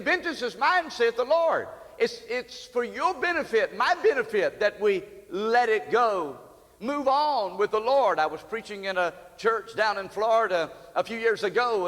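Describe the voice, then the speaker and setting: A man's voice: extremely high pitch, fairly bright tone, in a large hall. A male pastor preaching a sermon in an earnest way, building to emphatic peaks.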